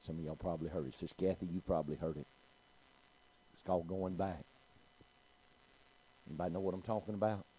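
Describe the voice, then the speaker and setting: A man's voice: deep voice, fairly even intonation, a little fast, pauses often, mellow, slight background noise, poor audio. A middle-aged man, preaching a sermon and telling a story, calling out to his congregation. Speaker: pastor.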